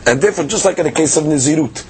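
A man giving a daily Talmud lesson, explaining in a lively conversational way with many fillers and restarts. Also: a little high, racing, slightly rough. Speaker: Talmud teacher.

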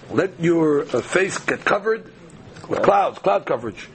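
A man's voice: fairly high pitch, big pitch swings, unhurried, slight background noise. A man teaching a daily Talmud class, reading the Aramaic text aloud and explaining it in casual, conversational English.

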